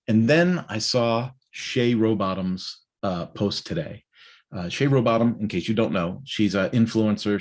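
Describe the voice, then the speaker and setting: A man's voice: on the low side, a little mellow. A middle-aged man casually talking through his day in a rambling morning check-in, with lots of fillers and tag questions. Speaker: host of a morning check-in live stream. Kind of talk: casual personal monologue.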